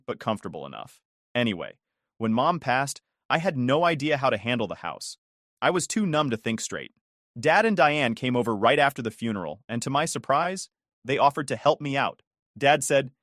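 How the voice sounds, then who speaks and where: Guy reading a story out, lively ups and downs, super dry mic. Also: mid-range voice, no room sound. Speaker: narrator. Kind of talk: scripted first-person story narration.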